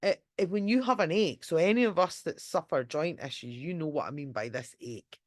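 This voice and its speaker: A woman's voice: deep voice, a little fast, dry recording, studio quality. A woman giving a casual live online talk as a dog trainer. She rambles in a chatty way with many fillers and restarts, swears casually, and sometimes acts out what a dog might be thinking. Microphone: computer mic during a screen-shared session.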